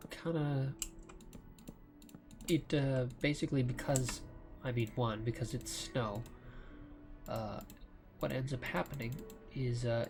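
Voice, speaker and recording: A man giving slow, rambling commentary over his gameplay, with lots of fillers. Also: mid-range voice. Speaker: let's play gamer. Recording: loud keyboard clicking throughout. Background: keyboard typing and clicks.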